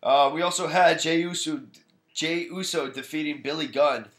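Easygoing podcast co-host with lots of ums. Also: male voice, fairly high pitch, steady tone, normal speed, a bit bright. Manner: easygoing, many fillers, laughs at jokes. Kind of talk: casual chat about wrestling.

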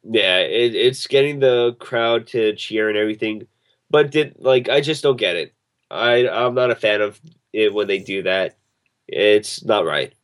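A man co-hosts a podcast with a low voice. He is opinionated and insists on finishing his points. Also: a little slow. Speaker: podcast co-host. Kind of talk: casual podcast chat.

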